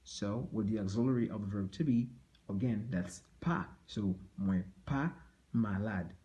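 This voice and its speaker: A man teaching a language lesson at an unhurried pace. His voice is mellow and relaxed, and he says each example twice and keeps checking in with "okay?". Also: fairly low pitch, muffled recording. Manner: slow, repeats each phrase, asks "okay?" often.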